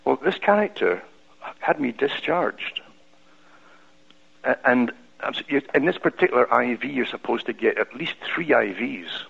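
A man with a Scottish accent, a radio guest telling a personal story in an animated way, with many restarts. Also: medium pitch, vocal fry, breathy edge. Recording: lo-fi radio broadcast.

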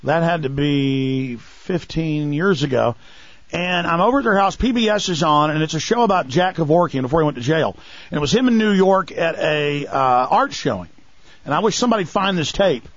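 A man's voice: a little high, animated, normal speed, dry recording, highs cut off. A radio talk show host, a man speaking in a heated, mocking way, putting on voices to ridicule others. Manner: mocking, sarcastic, acts out voices.

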